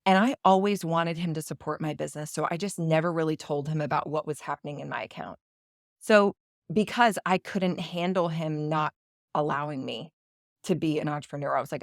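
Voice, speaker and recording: A woman with a lowish voice talks straight to her podcast listeners in a confessional, storytelling way. She acts out what she and others said along the way. The sound is dry and close, with no room around it. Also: fairly quick, no room sound. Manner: candid, confessional, acts out quoted dialogue. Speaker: podcast host. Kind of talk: personal storytelling monologue.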